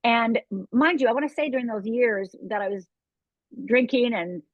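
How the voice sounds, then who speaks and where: A woman's voice: on the high side, normal speed, no echo. A woman from Upper Michigan, a life coach and author, telling her own story in an interview, candid and direct with asides to the listener. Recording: tinny phone-like dry sound.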